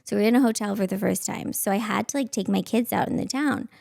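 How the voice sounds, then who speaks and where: A woman's voice: medium pitch, fast talker, creaky, a little mellow, no echo, clean studio sound. A woman, a podcast host and stand-up comic, telling funny stories casually, acting out voices and laughing often. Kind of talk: casual comedic storytelling.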